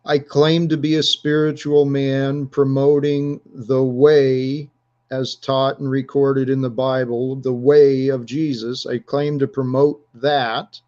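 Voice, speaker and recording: A man hosting a casual panel discussion, speaking in a searching, halting way. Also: medium pitch, level tone, darkish tone, highs cut off. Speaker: host.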